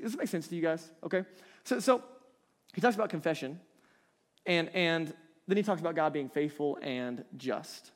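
A man in his thirties preaches in a loose, conversational way, often breaking into light laughter. His voice sits fairly high for a man. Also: moderate pace. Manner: conversational, animated, laughs between points. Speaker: pastor. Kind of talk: sermon.

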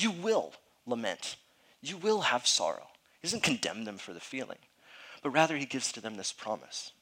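A man's voice: medium pitch, pushed and bright. A male pastor giving a conversational sermon, earnest and emphatic, often checking in with his listeners and talking informally. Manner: informal, frequent fillers and restarts.

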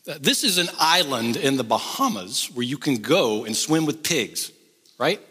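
A man's voice: mid-range voice, big pitch swings, unhurried, pushed and bright, slightly rough, long reverb tail. A middle-aged man preaching a sermon, switching between earnest appeals and joking asides. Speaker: pastor.

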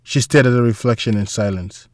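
A man narrating a story chapter in a steady, scripted reading. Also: medium pitch, fairly quick, dry recording, clean studio sound. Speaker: audiobook narrator.

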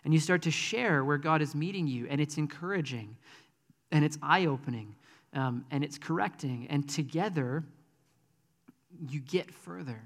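A man's voice: a little high, moderate pace, big-room sound. A man preaching a sermon in a conversational, earnest way, with frequent ums. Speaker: pastor.

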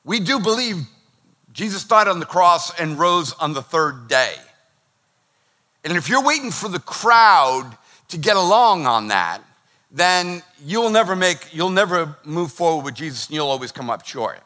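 A middle-aged man preaches a sermon with a high, bright, forceful voice. He talks in an animated way and slips into the voices of the people he quotes. His delivery is that of a pastor speaking from the pulpit. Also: a little slow.

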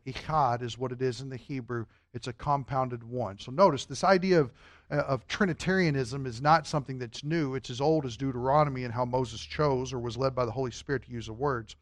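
A man's voice: medium pitch, no echo. Earnest male Bible class teacher. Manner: earnest, explanatory, stretches key words for emphasis. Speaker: Sunday school teacher.

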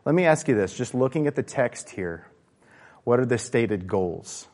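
A man gives a loose, conversational sermon, full of restarts and asides to the congregation. His voice sits at an ordinary middle pitch for a man. It carries a long reverb from a church hall. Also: expressive, normal speed, a little mellow. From American South. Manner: informal, asks the congregation questions, frequent fillers and restarts. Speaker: preacher. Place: church sanctuary.

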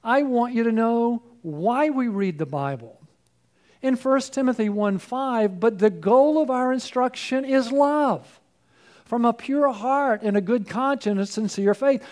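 A man preaching a sermon, earnest and full of rhetorical questions, his voice worn and giving out, with frequent throat clearing. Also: very high voice, unhurried. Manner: earnest, rhetorical questions, swings from loud to hushed. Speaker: pastor.

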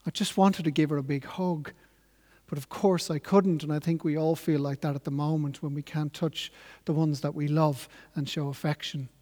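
A man delivers a sermon, earnest and reflective, moving at a measured pace. His voice sits high for a man. Each phrase rings on in a long, church-like reverb. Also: darkish tone. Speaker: preacher.

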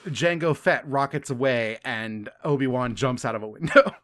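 A man co-hosting a podcast, casually recapping a book with frequent laughs and quick acted-out quotes. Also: mid-range voice, a bit bright. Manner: laughing often, acting out characters' lines in quick bursts. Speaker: podcast co-host.

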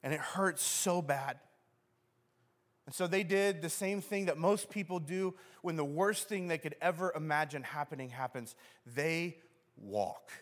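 Male pastor, sermon, lively storyteller acting out scenes, long church-hall reverb. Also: fairly high pitch, unhurried. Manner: animated storyteller who acts out scenes.

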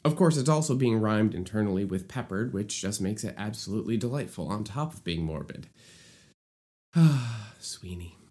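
A man's voice: lowish voice, animated, fairly quick, hardly any pauses, darkish tone. A man explaining lyric writing for musical theater in an enthusiastic, playful teaching style. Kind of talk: explanatory video lesson.

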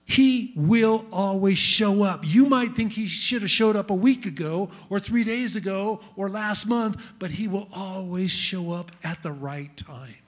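Male preacher, higher-pitched voice, earnest sermon delivery to a congregation. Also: measured pace, hardly any pauses. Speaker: messianic congregation teacher. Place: congregation hall with screen.

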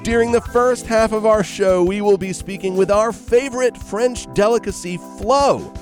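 A man's voice: high voice, normal speed, soft background music. A man hosting a comic wine radio show with playful, hammy announcer delivery.

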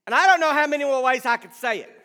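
A man preaching a sermon with impassioned delivery that swings between shouting and hushed pleading. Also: very high voice, very fast, long reverb tail.

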